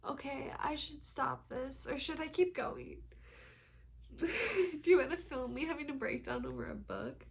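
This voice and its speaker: A woman's voice: sits high, sing-song, moderate pace, gravelly. A young woman chatting casually at home in a book vlog, gushing, swearing freely and laughing often. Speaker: book vlogger. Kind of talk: casual reading vlog chat.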